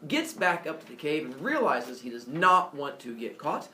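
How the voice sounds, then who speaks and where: Animated man telling a jokey myth. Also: on the high side, normal speed, a little hiss or hum. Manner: animated, jokey asides, many fillers. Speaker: storyteller. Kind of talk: casual comic myth storytelling. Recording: echoey room, mic far off.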